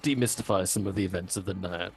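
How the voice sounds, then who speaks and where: A man playing his character in a tabletop game, hesitant with soft laughs and ums. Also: low-pitched, quick pace, vocal fry, faint music behind. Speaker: player. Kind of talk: in-character role-play.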